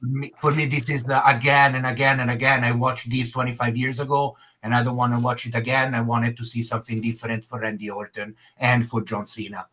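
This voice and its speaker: A man talking haltingly in a casual podcast chat, with many pauses and fillers. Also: mid-range voice, flat delivery, bright, forceful tone. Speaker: podcast co-host.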